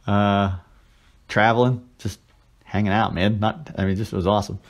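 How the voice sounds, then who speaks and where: A man's voice: lowish voice, flat delivery, moderate pace. A man in casual chat as podcast co-host, telling a story with crude jokes and put-on voices.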